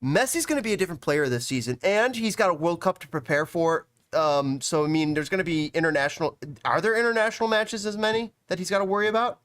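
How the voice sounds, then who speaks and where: A man chatting on a soccer podcast, rambling and excitable, sometimes breaking into shouts. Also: sits high, quick pace, hardly any pauses, smooth, no echo. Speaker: guest. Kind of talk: casual podcast chat.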